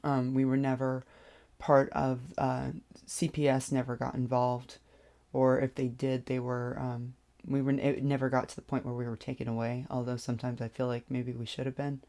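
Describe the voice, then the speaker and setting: With a mellow mid-range voice that barely moves in pitch, a vlogger works through a personal story hesitantly, full of pauses and restarts.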